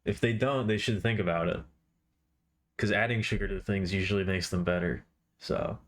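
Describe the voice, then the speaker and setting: A man's voice: sits low, steady tone, normal speed. A man streaming live while he draws, chatting casually and playfully with viewers. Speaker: art streamer.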